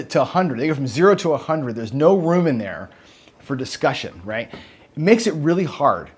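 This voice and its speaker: A man hosting a casual livestream, rambling and asking "right?" after nearly every sentence, and swearing when he gets heated. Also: fairly high pitch. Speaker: host.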